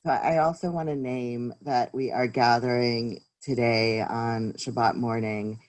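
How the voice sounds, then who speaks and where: Man rabbi, mid-pitched voice, casual sermon over video call. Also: fairly even intonation, measured pace, poor audio. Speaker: rabbi, guest speaker.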